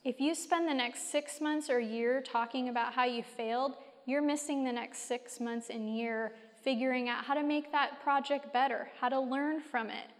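High-voiced woman teaching in a reverberant hall. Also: steady tone, moderate pace, few pauses. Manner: conversational, fires rhetorical questions at listeners. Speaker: speaker teaching a faith-based class. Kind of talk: faith-based teaching talk.

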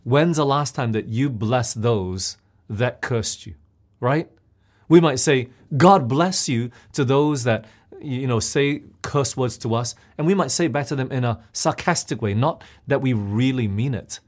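A man delivers a sermon in a voice of middle pitch. He keeps turning to his listeners with questions as he preaches. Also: measured pace, a little mellow. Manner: asks the listeners questions often.

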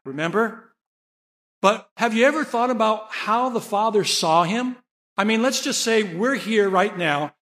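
Earnest, high-voiced man preaching a sermon. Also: a bit bright. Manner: earnest, rising to pleading emphasis. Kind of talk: sermon with storytelling.

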